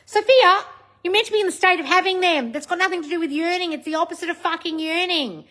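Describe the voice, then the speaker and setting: A woman's voice: extremely high pitch, fast, pushed and bright. A woman hosting a casual livestream, answering viewer comments in a blunt, scolding coach manner with plenty of swearing. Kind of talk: casual live chat, reading out comments.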